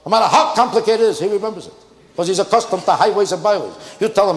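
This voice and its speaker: Fast-talking older New comedian. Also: male voice, sits high. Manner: animated, rapid, acts out exasperated characters mid-bit. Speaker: stand-up comedian. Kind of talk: stand-up comedy routine. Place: theater stage with a live audience. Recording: echoey live theater with audience noise. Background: audience laughter.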